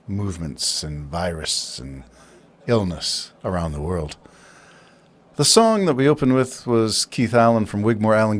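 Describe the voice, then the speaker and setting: A man with a lowish voice hosts his own podcast and talks alone in a loose, rambling way. He muses aloud and keeps putting questions to himself before answering them. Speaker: podcast host. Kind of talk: casual solo talk.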